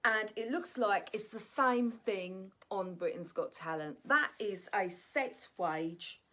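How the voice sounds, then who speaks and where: A woman's voice: medium pitch, slow, sharp tone. A woman vlogging in a chatty, ranting monologue, often tossing in "right?" asides. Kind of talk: casual opinion monologue.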